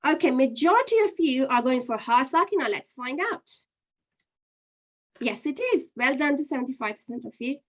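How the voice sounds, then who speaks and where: High-voiced woman teaching a Qur'an lesson. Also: animated, moderate pace. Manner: patient, explains step by step. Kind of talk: online lesson and quiz.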